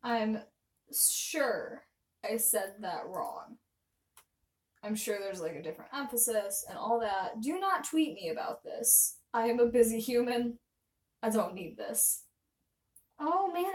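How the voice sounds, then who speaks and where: High-voiced chatty young woman streamer. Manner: chatty, self-deprecating, rambling. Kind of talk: casual live-stream chat.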